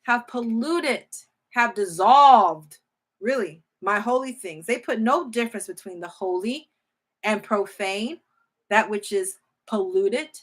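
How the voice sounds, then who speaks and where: A woman teaching scripture informally, reading verses slowly, thinking aloud, correcting herself and speaking with emotional emphasis. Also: medium pitch, expressive, a bit bright. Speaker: Bible teacher.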